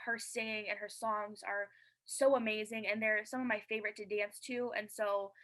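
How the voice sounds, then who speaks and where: A woman's voice: mid-range voice, little pitch movement, normal speed, sharp tone, poor audio. A woman guest in a casual interview, talking eagerly and earnestly with lots of fillers. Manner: eager and chatty, many fillers; earnest and heartfelt.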